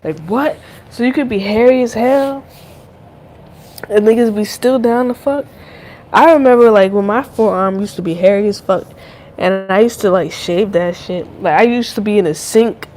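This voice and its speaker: A woman's voice: mid-range voice, normal speed, a little mellow. Profane, rambling young woman podcaster. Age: young adult. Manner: loose, profane, rambling slang. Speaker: podcast host. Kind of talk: casual chat.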